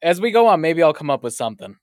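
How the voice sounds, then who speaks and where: Male co-host, slightly higher voice, dry deadpan humor in easy banter. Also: fast talker. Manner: dry, joking reactions. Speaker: podcast co-host. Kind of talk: casual podcast chat.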